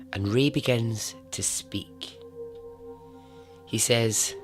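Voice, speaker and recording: Slow dramatic storyteller man. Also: on the low side, slightly rough, soft background music. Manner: dramatic pauses, drops to a hush for suspense; chatty asides to the listener. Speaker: podcast host. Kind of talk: storytelling narration.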